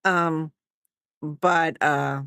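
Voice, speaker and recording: A woman's voice: deep voice, steady tone, very slow, creaky, fairly bright tone, clear, resonant tone, no echo. A middle-aged American woman talks unhurriedly on a crochet livestream, drifting from topic to topic as she answers chat. Her voice is recorded dry and close, with no room sound around it. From United States. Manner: rambling, chatty, answers chat between stitches. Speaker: livestreamer crafter.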